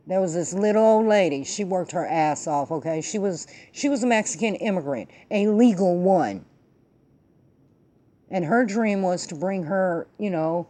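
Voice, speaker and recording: Woman, vlog host, mellow low-bright tone, emphatic, profane, slangy storytelling. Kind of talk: casual political rant and storytelling.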